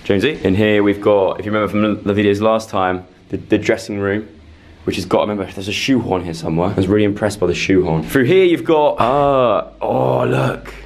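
A man's voice: lowish voice, a little fast, vocal fry. A young man in his twenties vlogging a hotel suite tour on a handheld camera, chatty and joking, talking to the fish. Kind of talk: casual excited vlog tour.

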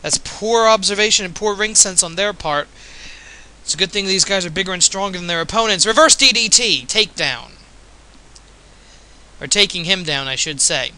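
A man's voice: high-pitched, normal speed, long pauses, pushed and bright, smooth, rough recording. A man giving casual, jokey play-by-play commentary in an offhand, chatty way, a bit tipsy.

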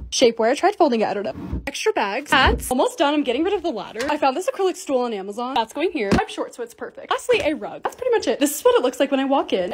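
A young woman narrating her home organizing projects in a chatty, excitable voice-over with quick asides. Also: high voice. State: hoarse, losing her voice. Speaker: lifestyle creator.

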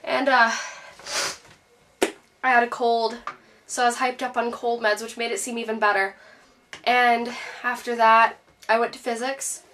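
A woman's voice: on the high side, level tone, unhurried, long pauses, a bit bright, distant mic, a little hiss or hum. A woman playing a bitter, depressed teenage girl who vents sarcastically in a scripted video-diary monologue. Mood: sardonic. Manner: sarcastic, exasperated storytelling.

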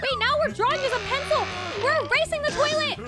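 A woman's voice: very high-pitched, fast. A young woman hosting a reaction video, exclaiming, gasping and laughing as she comments. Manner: exclaims, gasps and laughs often. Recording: loud music behind.

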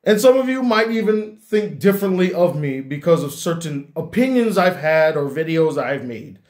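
In a heartfelt talk to camera, a young YouTube critic speaks sincerely and reflectively to his audience, often repeating words as he pulls his thoughts together. His voice is on the high side and animated, with a darkish tone, at a normal speed.

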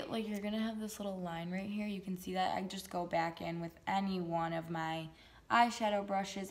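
A young adult woman chatting casually through a makeup tutorial, with goofy joking asides. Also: lowish voice. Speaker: beauty vlogger.

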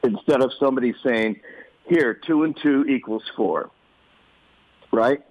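A man telling childhood stories in a relaxed interview, acting out voices as he goes. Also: mid-range voice, a little slow, dry recording, rough recording. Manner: animated, acts out quoted voices. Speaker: guest storyteller. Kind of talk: casual storytelling in an interview.

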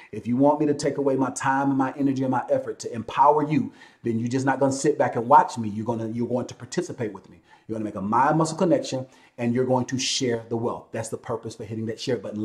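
A man hosting a live stream who talks to his viewers in an emphatic, repetitive, preachy way. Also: mid-range voice. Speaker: host and business owner.

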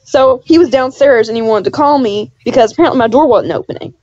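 A woman's voice: a little high, fast talker, a little mellow, no echo. A young woman chatting casually as a podcast guest, rambling through stories and giggling often. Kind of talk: casual chat. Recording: dull dry lo-fi mic.

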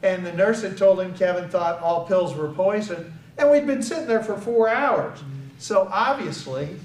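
A man's voice: sits high, lively intonation, normal speed. An older American man giving an earnest public speech, telling a personal story and acting out the voices of the people in it. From United States. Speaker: speaker. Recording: echoey hall from far off, faint ambience.

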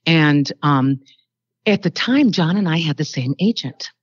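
An older actress chatting as an interview guest, telling rambling anecdotes full of fillers. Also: female voice, low-pitched, expressive, unhurried, slightly rough, no echo, lo-fi sound. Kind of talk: casual interview storytelling.

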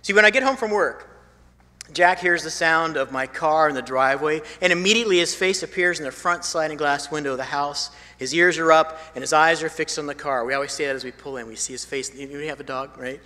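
Pastor with a bright voice in a big hall. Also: male voice, a little high, fairly quick. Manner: storytelling, swinging from emphatic to hushed; repeats phrases for emphasis. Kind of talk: sermon. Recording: long hall reverb.

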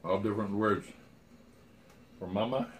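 A man's voice: on the low side, a little slow, slight background noise. A man joking dryly with his wife over a meal at home. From United States. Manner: dry joking banter. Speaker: husband. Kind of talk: casual mealtime chat.

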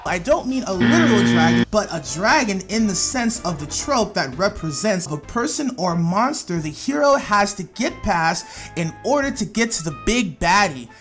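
A YouTube host reading out a list of anime facts from a script and calling out each fact number loudly. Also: mid-range voice, sing-song, moderate pace, music in the background.

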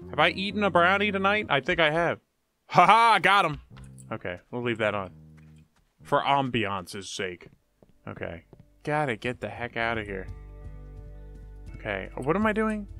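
A man's voice: medium pitch, big pitch swings, measured pace, long pauses, bright, forceful tone, faint music behind. A man commenting on a horror game as he plays, goofy, talking to himself and exclaiming often. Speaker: gamer. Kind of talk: let's play commentary.

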